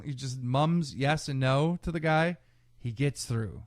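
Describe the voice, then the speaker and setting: A man with a fairly high-pitched voice takes his time as a podcast co-host. Telling a story in a casual, profane way, he animatedly acts out what others said.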